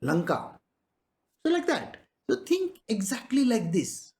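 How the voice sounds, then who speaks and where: A man teaches in a spiritual discourse, talking the way he would to a room of students. His pitch rises and falls in a very animated way, and he keeps throwing rhetorical questions at his listeners and chuckling. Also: slow pace.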